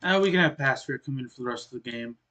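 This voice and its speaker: A man casually commentating a soccer video game he is playing, explaining the score as he goes and often clearing his throat. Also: medium pitch, fast talker. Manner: relaxed, explains as he plays, frequent throat clearing. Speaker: gaming channel host.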